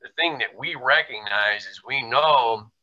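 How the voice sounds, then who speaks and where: Bright-voiced man explaining earnestly. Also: mid-range voice, a little slow, muffled recording. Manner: earnest, explanatory, uses analogies. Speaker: host. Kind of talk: business talk to agents.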